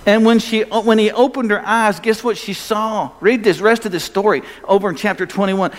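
A man's voice: sits high, fairly even intonation, normal speed. A male pastor preaching a sermon, emphatic and full of rhetorical questions for the congregation. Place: church sanctuary. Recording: long hall reverb.

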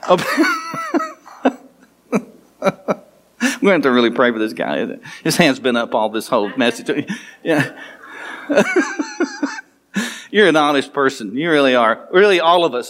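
A man preaching a sermon as pastor, animated, laughing and making quick asides to the congregation. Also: fairly high pitch.

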